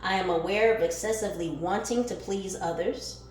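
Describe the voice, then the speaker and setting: This tarot reader's lowish voice moves at normal speed as she shifts between gentle wondering and excited shouting during a spiritual card reading. Affirmations are read aloud, swearing comes easily, and the room echoes with faint music playing.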